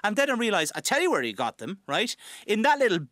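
An Irish man in his forties, a radio guest telling stories in an animated, chatty way. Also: high-pitched, no echo, clean studio sound. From Ireland. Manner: animated storyteller, quick asides. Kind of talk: casual chat.

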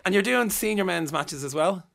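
An Irish man hosting a casual live radio interview, teasing his guests and laughing easily. His voice sits a little high and sounds bright and forward. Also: expressive, gravelly. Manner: chatty, teasing, quick to laugh. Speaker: radio show host.

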